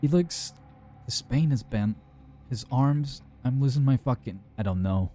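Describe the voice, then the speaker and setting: A man's voice: medium pitch, a little slow, dark tone, lightly acted. A man voicing a frightened young woman who talks to an emergency line in panicked, broken phrases while fleeing someone, read out for a horror story.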